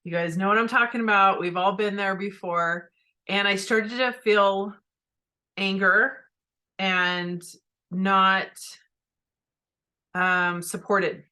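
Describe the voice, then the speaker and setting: Speaking slowly with long pauses, a middle-aged podcast host uses a sharp-toned, mid-range voice with fairly even intonation. She's frank about a story from her own life before turning to coach listeners head-on.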